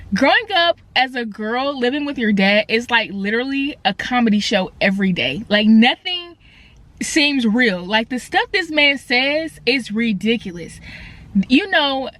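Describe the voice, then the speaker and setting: Young woman, fairly high voice, animated and slangy, casual storytime rant, phone camera. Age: young adult. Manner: animated, slangy, swings loud and quiet, quick asides. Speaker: vlogger. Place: indoors, in her car.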